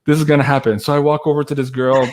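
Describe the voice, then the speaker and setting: A man telling a long personal story in a casual chat, animated, laughing and swearing now and then, with lots of "like" fillers. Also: fairly high pitch, fast. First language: French. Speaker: guest storyteller.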